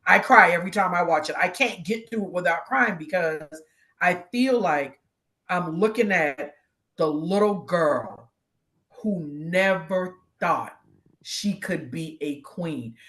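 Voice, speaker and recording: A woman's voice: on the low side, lively intonation, slow pace, a bit bright. A woman co-hosting a casual chat, telling an emotional story and acting out quoted voices. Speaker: guest co-host.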